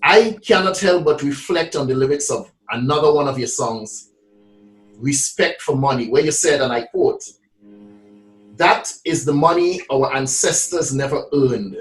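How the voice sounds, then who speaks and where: A man's voice: mid-range voice, unhurried, roomy sound, far from the mic, low-quality recording. A man interviewing a songwriter, asking questions in careful, slightly grand wording. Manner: articulate, slightly grand phrasing.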